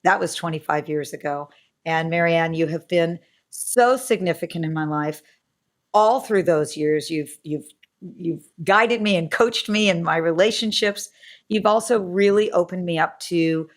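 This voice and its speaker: Middle-aged woman host, deep-set voice, effusive interview manner. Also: unhurried. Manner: warm, effusive and gushing. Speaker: podcast host. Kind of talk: podcast interview.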